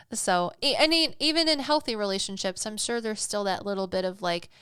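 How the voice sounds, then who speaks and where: A woman's voice: medium pitch, clear, resonant tone, no room sound, clean studio sound. A young woman hosting a podcast, talking in a casual, chatty way with frequent laughs and restarts. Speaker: podcast host. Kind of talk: casual spoken commentary.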